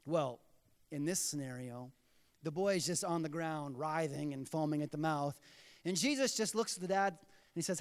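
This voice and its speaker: A man preaching a sermon in a church, telling scripture scenes in an animated way. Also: on the high side, normal speed. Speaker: pastor. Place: church sanctuary. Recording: long reverb of a church hall.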